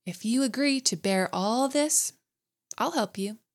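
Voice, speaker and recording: A woman's voice: fairly high pitch, animated, unhurried, pitched above the performer's own voice. A woman voicing a scheming, mocking female sea witch who makes an ominous bargain in a storybook reading. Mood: scornful.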